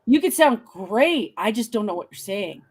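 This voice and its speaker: A woman from Canada co-hosting a casual online talk show, chatty and quick to laugh. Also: medium pitch, expressive, slight background noise. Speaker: podcast co-host. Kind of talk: casual chat.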